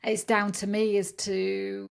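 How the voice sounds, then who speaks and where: A woman's voice: medium pitch, level tone, slow pace, vocal fry, clean tone. A woman hosting an interview, reflecting on and summing up what her guest says. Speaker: interview host.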